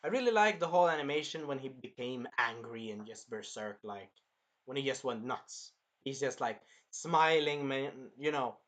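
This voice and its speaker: Young male host, casual rambling reviewer, bright forward voice. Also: medium pitch, lively intonation, normal speed. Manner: rambling, filler-heavy, acts out scenes.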